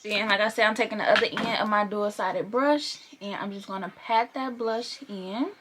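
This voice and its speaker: In a medium-pitched voice at a moderate pace, against a noisy background, this young woman talks her way through a makeup tutorial. She's chatty and playful, swearing a bit and laughing as she goes.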